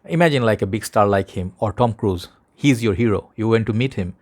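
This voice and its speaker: A man's voice: fairly low pitch, fairly quick, darkish tone. A man with a Bangladeshi accent, talking casually to camera as a fragrance vlogger in an earnest, rambling way, speaking to his viewers like brothers.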